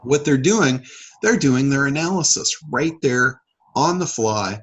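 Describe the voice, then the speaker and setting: Husky-voiced man on a coaching call. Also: medium pitch, expressive, measured pace, fairly bright tone, highs cut off. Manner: conversational, rambling with many fillers and restarts. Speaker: public speaker and sales trainer.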